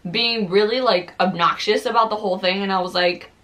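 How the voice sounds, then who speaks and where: A young woman chats through a story while eating on camera, her voice sitting at an ordinary middle pitch. She talks loosely, fills her sentences with "like" and swears without a second thought. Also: a little fast, a bit bright. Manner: chatty, swears freely, many fillers and "like"s. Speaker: vlogger.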